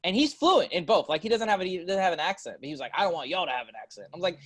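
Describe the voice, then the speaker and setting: A man's voice: sits high, lively intonation, very fast, few pauses, fairly bright tone, no echo. A man on a podcast panel, talking casually in loose slang and laughing often.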